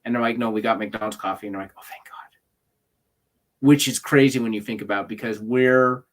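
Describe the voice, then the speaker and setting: A man's voice: on the low side, steady tone, brisk. A Canadian man in a casual chat, telling an easygoing office story.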